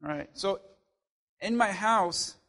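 A man preaching a sermon as pastor, swinging from loud emphatic lines to quiet stretches and joking with his congregation. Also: high voice, slow. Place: church.

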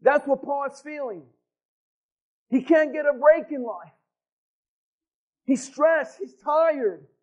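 A man's voice: very high voice, slow pace, pauses often. A male pastor preaching a sermon in a church, driving points home with repetition and rhetorical questions to the congregation, on a dull, lo-fi recording. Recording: dull lo-fi sound.

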